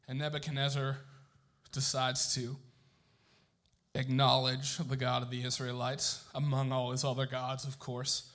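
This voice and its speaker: A man's voice: mid-range voice, level tone, normal speed, fairly bright tone. A young man telling a Bible story to a group in a casual, joking sermon style, asking the room questions.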